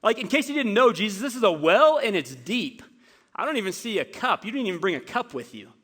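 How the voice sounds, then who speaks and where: A man's voice: high voice, big pitch swings, a little fast, pushed and bright, breathy edge, voice pushed up, exaggerated voice. A man doing a sarcastic, skeptical woman. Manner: mocking, exaggerated sarcasm.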